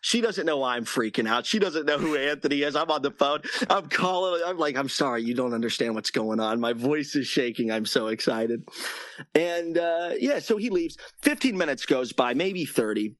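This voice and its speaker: A man in his twenties, calling in and telling a story in a halting, rambling way with many restarts. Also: on the high side, sing-song, fairly bright tone, no echo, studio quality. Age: 20s. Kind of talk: casual call-in storytelling.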